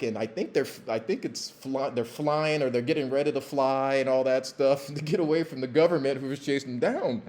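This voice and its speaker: A man hosting a podcast, telling a casual story in a rambling, halting way with many fillers and restarts. He is a former pro football player. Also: medium pitch, a little mellow.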